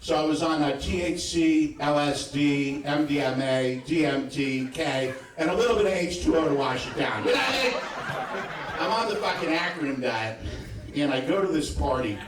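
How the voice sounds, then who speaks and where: Comediante masculino profano num clube ecoante. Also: male voice, fairly high pitch, expressive, moderate pace, noisy background. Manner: profane storytelling, frequent asides to the crowd. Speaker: stand-up comedian. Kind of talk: live stand-up set. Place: comedy club stage. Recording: echoey club sound from a distant mic.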